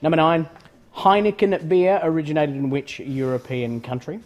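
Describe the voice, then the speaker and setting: A man's voice: on the high side, steady tone, moderate pace, soft background music. A man hosting a live trivia quiz, reading questions and joking with his co-host. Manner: jokey, reads questions aloud, laughs often. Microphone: studio microphone.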